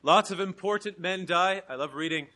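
A young man from Canada preaching an evangelistic sermon, swinging from soft, slow emphasis to loud, driving proclamation. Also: sits high.

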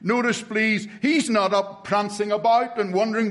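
High-voiced preacher man, emphatic. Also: steady tone. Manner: emphatic, with slow drawn-out stresses and rhetorical questions. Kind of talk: sermon.

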